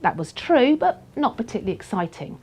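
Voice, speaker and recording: A woman teaching how to write a short personal story, emphatic and lively, now and then dropping to a soft, breathy aside. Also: on the high side, a little fast. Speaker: storytelling tutor. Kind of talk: instructional talk to camera.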